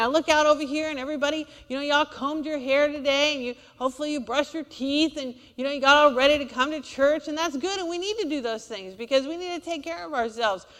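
In a big-room sound, a woman's high, slightly bright voice leads a church sermon. She preaches call-and-response style, asking the congregation to say amen.

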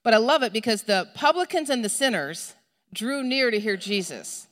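A middle-aged woman preaching a sermon, telling a story with lively, acted-out moments and calls to the congregation. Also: fairly high pitch, moderate pace. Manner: animated storytelling, acts out shouting for a lost child. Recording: long hall reverb.

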